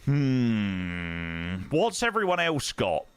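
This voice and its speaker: A man's voice: medium pitch, wildly swooping pitch, very slow, smooth. A young man chatting casually on a flight-sim live stream, bantering with chat in slang.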